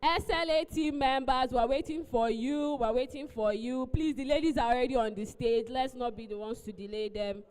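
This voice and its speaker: A woman's voice: high voice, normal speed, hardly any pauses, a little mellow, smooth. A woman hosting a live event, coaxing the crowd and repeating her pleas as she makes announcements. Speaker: event host. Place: large event hall. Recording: long hall reverb.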